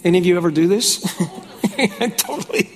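High-voiced man preaching in an echoing hall. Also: a little slow. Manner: chatty, laughs often, keeps asking "right?", grows fervent. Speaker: pastor. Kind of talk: conference sermon with personal storytelling. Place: conference hall. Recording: hall with long reverb.

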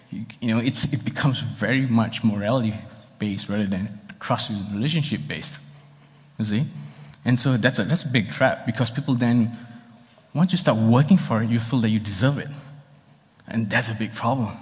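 A man's voice: mid-range voice, a little fast. A man pastor preaching a sermon in a conversational, explanatory way, heard in a church hall. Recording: long reverb of a hall.

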